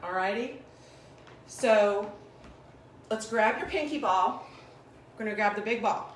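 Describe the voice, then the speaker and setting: A woman's voice: on the high side, recorded from a distance. A woman fitness coach leading a live home workout, chatty and encouraging, sometimes apologizing for technical trouble. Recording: echoey home room with faint background noise.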